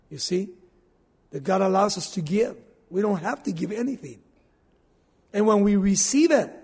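A man's voice: high-pitched, darkish tone, in a large hall. A male pastor preaching a sermon, telling stories with animation and asking the congregation questions.

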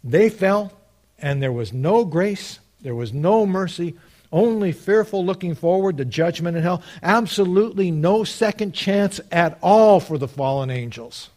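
A man delivering a sermon in a somewhat high voice. He reasons through scripture step by step. His delivery swings between hushed asides and loud, emphatic declarations. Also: expressive, normal speed. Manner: argues step by step, quotes scripture. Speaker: preacher.

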